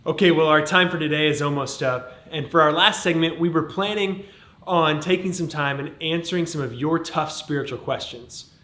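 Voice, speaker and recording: Higher-voiced youth show host, echoey. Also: male voice, normal speed, pushed and bright.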